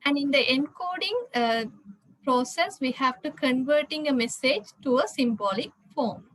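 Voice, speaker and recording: A woman's voice: high voice, normal speed, fairly bright tone, low-quality recording. A woman giving a slide lecture, hesitant, with frequent "uh" fillers and word restarts.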